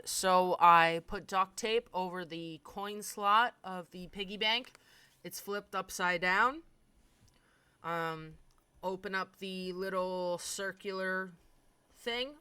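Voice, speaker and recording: Candid, bright-voiced young woman storyteller. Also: fairly low pitch, smooth, dry recording. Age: 20s. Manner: candid, darkly funny, swears freely. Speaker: streamer. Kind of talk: casual storytelling.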